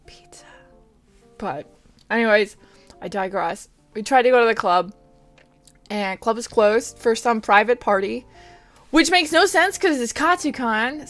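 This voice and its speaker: Chatty woman telling a con story. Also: a little high. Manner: chatty, swearing, laughing storyteller who whispers quoted asides. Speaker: vlogger. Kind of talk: casual story time.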